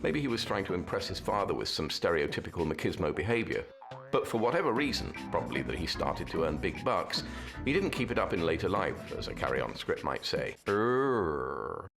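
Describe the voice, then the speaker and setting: A man's voice: low voice, sing-song, moderate pace, vocal fry, music in the background. A man narrating a documentary in a scripted way, with dry, wry humour.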